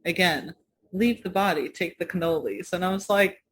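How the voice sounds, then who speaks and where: A woman's voice: fairly low pitch, moderate pace, a little hiss or hum. A woman co-hosting a podcast in casual chat, rambling through stories, laughing often and swearing casually. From United States. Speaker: podcast co-host.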